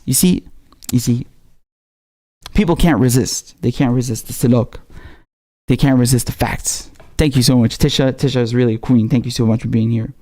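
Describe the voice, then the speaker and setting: A man with a raspy voice hosting a live stream, talking casually and slangily with halting restarts as he reads out viewer messages. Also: medium pitch, fairly even intonation, dark tone. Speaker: livestream host.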